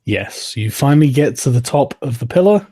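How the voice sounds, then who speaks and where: As game master of a tabletop game, a man describes scenes in a relaxed manner, using fillers. His voice is medium-pitched and fairly quick.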